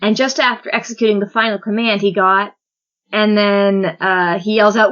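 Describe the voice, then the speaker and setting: A woman hosting a podcast in casual chat, lively and often laughing, acting out quoted lines in a raised voice. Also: medium pitch, normal speed. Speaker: podcast host. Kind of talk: casual chat recapping a manga chapter. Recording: dull lo-fi podcast audio.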